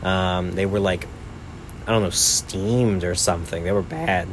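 A young man with a low voice, telling a travel story to his co-host. He rambles casually, filling every pause with "like" and "right?". A faint hum sits behind him. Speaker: podcast host.

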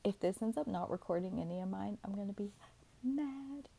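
Young woman podcasting from home, kinda gravelly voice, rambly and chatty, just getting over a cold. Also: medium pitch, steady tone, fast, dark tone, dry recording. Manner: chatty, rambling, self-aware. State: recovering from illness. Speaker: podcast co-host. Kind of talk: casual podcast chat. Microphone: home computer mic, remote recording.

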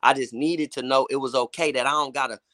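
A man's voice: mid-range voice, fairly even intonation, fast talker, bright, forceful tone, no room sound. A man who is a guest on an interview, speaking candidly and often saying "you know what I'm saying". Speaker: gospel hip hop artist guest. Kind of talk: casual interview chat.

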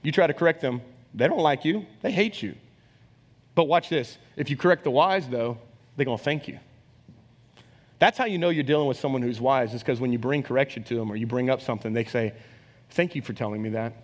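A man preaching a sermon as pastor, conversational and animated, talking straight to the congregation. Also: mid-range voice, fast. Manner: conversational, animated, acts out quoted voices. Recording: long hall reverb.

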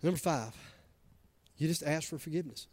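In a church sanctuary, a pastor delivers a conversational, emphatic sermon to his congregation, often acting out what people say. His voice sits on the high side with a darkish tone, and he speaks a little fast.

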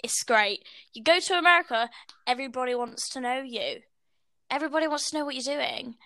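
A British woman chatting on a podcast in a high, bright voice, giggly and quick to tell a story. The sound is close and dry, with no room around it. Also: dry recording. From Britain. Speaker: podcast co-host. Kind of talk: casual chat.

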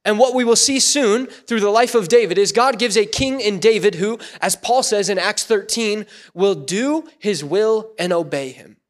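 A man preaching a sermon in a church, animated and playful, acting out voices in quotes. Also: sits high, moderate pace, few pauses. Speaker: pastor.

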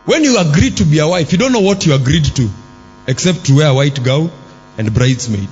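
A man's voice: a little high, expressive, a little fast, husky, muffled recording. Man preaching in a reverberant hall. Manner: rhetorical questions to the congregation, bursts of shouting. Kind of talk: sermon. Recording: long hall reverb with faint music.

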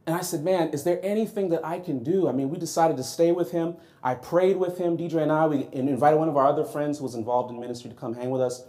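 A man preaching a sermon, telling a personal story in a lively, conversational way and acting out his own reactions. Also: fairly high pitch, quick pace, hardly any pauses.

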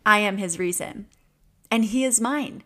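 A woman's voice: mid-range voice, unhurried, bright, forceful tone. A woman in her twenties talking in an earnest, chatty monologue, often laughing and using fillers. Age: 20s. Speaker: podcast host. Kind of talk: casual reflective monologue.

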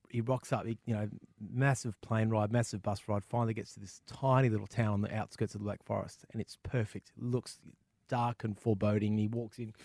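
A man's voice: fairly low pitch, gravelly, dark tone, dry recording, clean studio sound. A man co-hosting a podcast, telling a long joke in a rambling, self-deprecating way. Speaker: podcast co-host.

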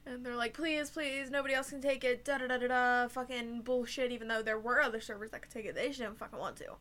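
Young woman, high bright voice, swearing a lot while venting about work, casual chat. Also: fairly even intonation, fast. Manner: profane, emphatic storytelling. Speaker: restaurant server.

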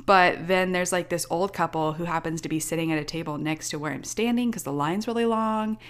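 A young woman telling a personal story in casual chat, animated and laughing often as she talks. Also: on the low side, a little fast, clear, resonant tone.

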